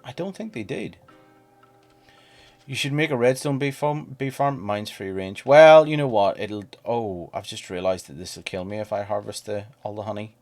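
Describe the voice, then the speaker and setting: A man's voice: on the low side, normal speed, darkish tone, faint music behind. A man casually chatting while streaming a game, playful and talkative, teasing the creatures on screen. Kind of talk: casual gameplay stream chat.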